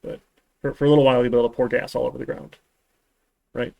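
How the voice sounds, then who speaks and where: A man's voice: mid-range voice, little pitch movement, fast talker, vocal fry, mellow, dry recording. A man teaching a programming class in a live-streamed lecture, talking in a rambling way with dry, sarcastic asides. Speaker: programming instructor.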